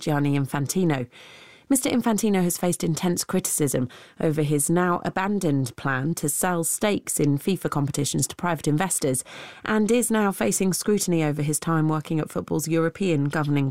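A woman reading a radio news bulletin in a crisp, even, formal delivery. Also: lowish voice, dry recording, clean studio sound. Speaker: newsreader. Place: radio studio.

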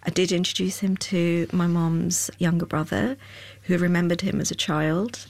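A woman with a fairly low voice and a gravelly edge, recounting a personal family story in an interview. She speaks in a heartfelt, candid way. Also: steady tone, normal speed, darkish tone. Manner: heartfelt, drops to whispers for remembered thoughts.

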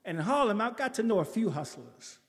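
A man from the Bronx telling a story on stage, animated and acting out his quotes with swearing and laughter. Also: high-pitched, fairly quick. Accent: New York. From the Bronx, New York. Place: stage in a large theater. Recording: long reverb of a live hall.

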